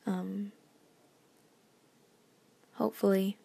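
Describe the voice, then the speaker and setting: A young woman giving a rambling, halting late-night rant that is often whispered and self-deprecating. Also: mid-range voice, little pitch movement, gravelly, warm tone, breathy edge. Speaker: vlogger.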